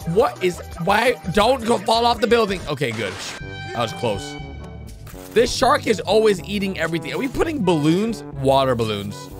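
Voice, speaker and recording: A man hosting a gaming channel, giving excitable reaction commentary on a video, swinging from low mutters to high yelps.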